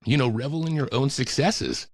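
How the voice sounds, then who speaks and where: A man's voice: medium pitch, moderate pace, no echo, clean studio sound. A man in his fifties, a radio announcer and voice actor, talking enthusiastically as a podcast guest, laughing often and dropping into announcer reads. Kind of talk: casual podcast interview.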